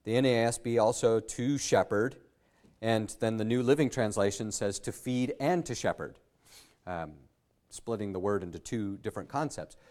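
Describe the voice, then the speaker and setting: A man preaching as pastor, explaining scripture in an earnest teaching tone that builds to emphatic peaks, with many pauses, fillers and restarts. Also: fairly low pitch, a little mellow. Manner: halting with frequent fillers and restarts. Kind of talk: sermon.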